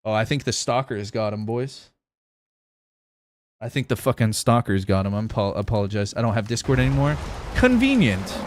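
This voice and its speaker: A man's voice: fairly low pitch, steady tone, fairly quick, darkish tone, a little hiss or hum. A young man live streaming a game, chatting loosely with his viewers, rambling and swearing a lot. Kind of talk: casual live stream chat.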